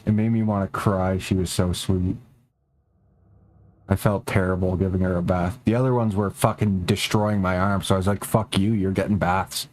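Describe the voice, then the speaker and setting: A man's voice: fairly even intonation, normal speed, a little mellow. A young man streaming a game, chatting casually and rambling, swearing a lot and talking to his cats. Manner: rambling, profane, talks to his cats in a high baby voice.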